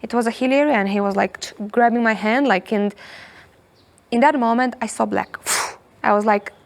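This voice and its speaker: A young woman, telling a story as a podcast guest in a hostel, animated and repeating herself often. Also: a little high, normal speed, creaky. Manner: animated, repeats words, frequent "you know". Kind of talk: casual storytelling in English.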